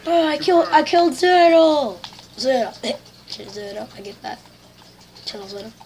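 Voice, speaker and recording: Excitable gamer woman, slightly high voice. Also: a little slow. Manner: excitable, complaining, slangy. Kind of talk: live gameplay commentary.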